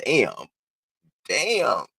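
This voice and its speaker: A man hosting a casual livestream, greeting viewers one by one in an animated, playful way. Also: drawn-out words, gravelly, breathy edge, dry recording. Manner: animated, playful, swoops up high when greeting people. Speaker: livestream host.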